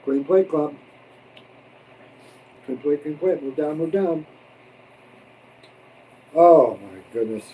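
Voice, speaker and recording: A man's voice: on the high side, lively intonation, takes it slowly, pauses often, breathy edge, recorded from a distance, narrow, tinny audio. A man hosting a casual mukbang livestream, chatting and joking while he eats. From abroad, expat. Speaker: livestream host. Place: home in the Philippines.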